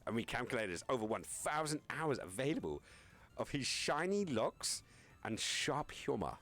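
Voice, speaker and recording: A man's voice: mid-range voice, big pitch swings, moderate pace, a bit bright, soft background music. A young man streaming live, chatting casually with viewers, reading chat aloud and joking around. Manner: rambling, joking, reads chat aloud and laughs often.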